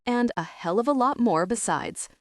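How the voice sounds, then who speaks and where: Brief: protective young husband, fond and a bit gruff, voiced by a woman. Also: on the high side, animated, moderate pace, no echo, clean studio sound, voice pushed up, close to an everyday voice. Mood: tender.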